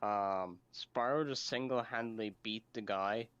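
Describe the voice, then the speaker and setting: A man chatting casually as a co-host on a stream, halting and restarting his sentences. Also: fairly low pitch, fairly even intonation, fairly bright tone, clean tone, no echo, muffled recording.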